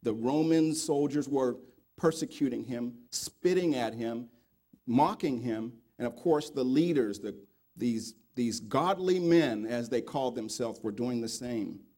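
A man preaching a sermon, reading scripture passages aloud and commenting on them, swinging from loud emphatic remarks to low quiet reading. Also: unhurried. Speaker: pastor.

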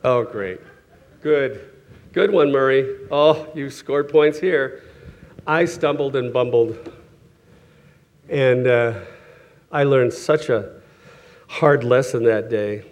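A middle-aged man preaching a sermon in a loose, conversational way. He often restarts his sentences, laughs softly and acts out the people in his stories. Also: mid-range voice, slow pace, pauses often. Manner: conversational, self-correcting, chuckles often, acts out quoted voices.

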